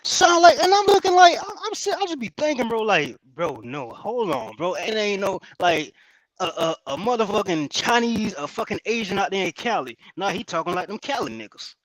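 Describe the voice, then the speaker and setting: Man, South Carolina accent, casual chat, animated, swearing, higher pitch, dry sound. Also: normal speed, no echo, rough recording. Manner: animated, swearing, restarts often.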